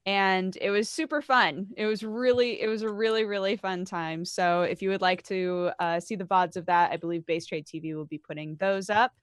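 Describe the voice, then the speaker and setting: A woman co-hosting a podcast, chatting in a relaxed, easygoing way. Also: mid-range voice, moderate pace, hardly any pauses, clear, resonant tone, no room sound, studio quality. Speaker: podcast co-host. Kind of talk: casual podcast chat.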